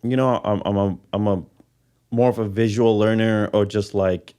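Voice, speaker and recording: A young man co-hosting a podcast, speaking in a relaxed way with hesitant fillers, reading out a listener's question. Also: lowish voice, normal speed, clean tone. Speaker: podcast co-host. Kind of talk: casual podcast chat.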